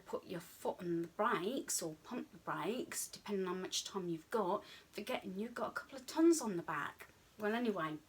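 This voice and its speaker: A woman's voice: fairly low pitch, a bit bright, slight background noise. A British woman in her fifties telling a personal story to camera in a rambling, chatty way, with lots of ums and asides and her own thoughts acted out in quotes. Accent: British English. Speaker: vlogger.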